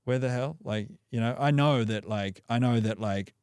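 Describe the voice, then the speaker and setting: A man's voice: mid-range voice, moderate pace, a little mellow, smooth, dry recording, clean studio sound. An Australian man talking as a podcast guest in a loose, rambling way, full of fillers and restarts. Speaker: podcast guest, breathwork coach. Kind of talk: casual conversational interview.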